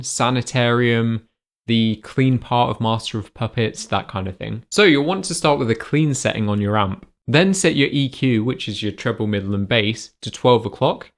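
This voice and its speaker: A man at a mid-range pitch walks through guitar settings in clear, step-by-step narration. He sounds like a guitar teacher reading a prepared tutorial, with guitar heard around his voice. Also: lively intonation, normal speed.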